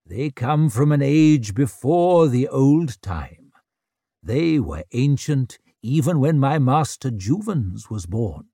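A man voicing a proud, impatient old male wizard who speaks slowly and sternly. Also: medium pitch, big pitch swings, warm tone, husky, no room sound, clean studio sound, full character voice. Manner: slow, stern, weighty.

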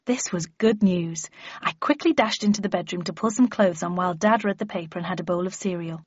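Brief: husky woman, first-person audiobook narration, dry close mic, dull sound. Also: fairly low pitch, a little fast, dry recording. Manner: steady storytelling reading.

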